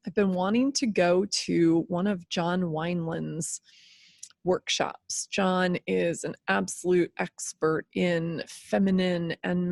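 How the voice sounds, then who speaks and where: A woman's voice: lowish voice, creaky, a little mellow, dry recording, studio quality. A woman in her fifties hosting a solo podcast, talking candidly and with animation, laughing and swearing freely. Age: 50s. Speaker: podcast host.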